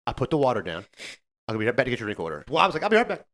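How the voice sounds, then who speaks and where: Male podcast co-host, quick-talking storyteller with a lively voice who acts out the people in his stories. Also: mid-range voice. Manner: animated, acts out customer quotes. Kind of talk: casual storytelling chat.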